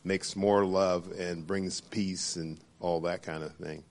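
A man sharing reflections in a church group, halting with many pauses and fillers. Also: sits low, steady tone, darkish tone. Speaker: church small-group member.

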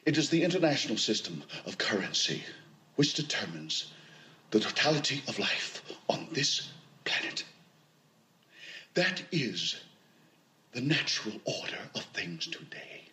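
A man's voice: fairly low pitch, very animated, unhurried, pauses often, sharp tone, echoey room, exaggerated voice. An actor playing an older corporate chairman who lectures an opponent in a sermon-like tirade. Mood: hushed. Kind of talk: film drama acting.

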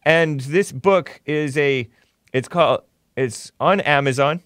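A man's voice: fairly high pitch, slow pace, fairly bright tone, no room sound, studio quality. A man hosting a talk show, giving opinionated commentary with a mocking tone and frequent chuckles. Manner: mocking, chuckles often while reading posts.

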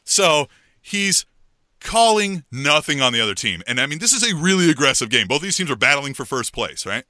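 A middle-aged man co-hosting a podcast, telling a story in animated, chatty fashion and acting out the other people in it. His voice is very bright and fairly high for a man, and his pitch swings widely. The sound is close and dry. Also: moderate pace, dry recording. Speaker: podcast co-host. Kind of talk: casual chat.

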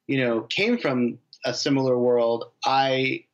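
A man's voice: mid-range voice, fairly even intonation, takes it slowly. Novelist guy rambling thru an interview answer, lots of um and restarts, kinda muffled audio. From United States. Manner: rambling with many restarts and fillers. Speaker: novelist guest.

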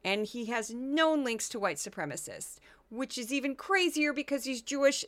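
Bright, animated woman podcaster. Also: high voice, normal speed, few pauses. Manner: animated and sarcastic, laughs often. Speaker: podcast host. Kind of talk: casual commentary.

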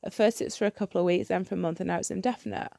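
A woman's voice: on the low side, rapid-fire, creaky, warm tone, no room sound, clean studio sound. A woman ranting bluntly in a solo podcast monologue, swearing freely and restarting her sentences when heated. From United Kingdom. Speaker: podcast host.

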